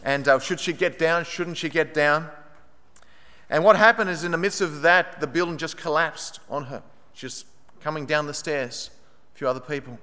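High, bright-voiced male preacher in a hall. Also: normal speed, smooth. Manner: earnest, animated retelling, raising his voice for quoted pleas. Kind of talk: sermon storytelling.

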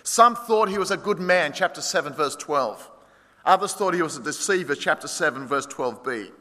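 Bright, animated preacher in a hall. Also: male voice, a little high, normal speed. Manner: animated storyteller, sweeping swings from loud to hushed. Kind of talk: expository sermon. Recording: long hall reverb.

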